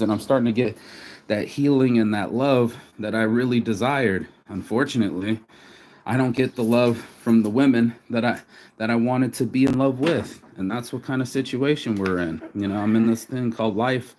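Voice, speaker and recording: A man's voice: medium pitch, normal speed, a little mellow. An emotional man talking outdoors in a rambling vlog monologue, restarting phrases and swearing casually. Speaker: vlogger. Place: outdoors, sitting on a bench.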